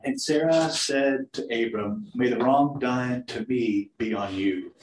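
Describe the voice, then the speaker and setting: A man in a class reading a scripture passage aloud slowly and carefully. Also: medium pitch. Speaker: student in class. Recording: distant echoey room, faint noise.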